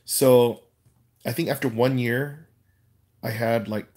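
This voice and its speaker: A man's voice: mid-range voice, fairly even intonation, slow, darkish tone. A Korean man hosting a casual livestream, rambling with many fillers and restarts and laughing at himself. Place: Los Angeles.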